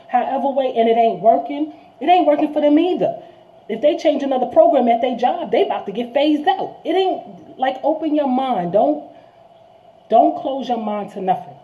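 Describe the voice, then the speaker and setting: Talking fast to her viewers as y'all, a New York woman hosting a vlog keeps up an animated, street-style monologue. Her pitch is fairly high and the audio sounds tinny, like a phone.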